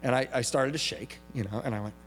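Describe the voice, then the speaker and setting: A man giving a talk at a recovery meeting, telling a story with lively comic timing and shouting some punchlines. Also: medium pitch, fast talker, soft background music. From from Southern California. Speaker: AA speaker. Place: large hall with audience. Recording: reverberant hall recording with faint hum.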